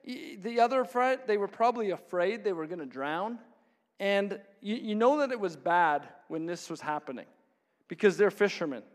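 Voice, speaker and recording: A man preaching a sermon, telling stories with frequent chuckles and acting out the voices of others. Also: high voice. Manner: storytelling, chuckles often, plays out voices of others. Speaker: pastor. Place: church hall. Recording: long hall reverb.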